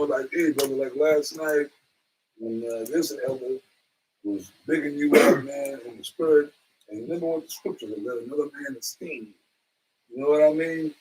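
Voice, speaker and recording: A man's voice: medium pitch, a little mellow, recorded from a distance, rough recording. A man in a religious brotherhood, talking earnestly and fervently to the group and calling them brother. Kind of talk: impassioned casual preaching.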